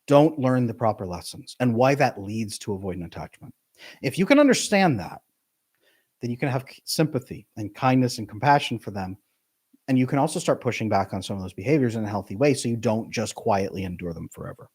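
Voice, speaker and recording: A middle-aged man, a relationship coach, talking to his live stream audience with emphatic, jumpy pitch on key words. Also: a little mellow, husky. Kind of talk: live stream talk to chat.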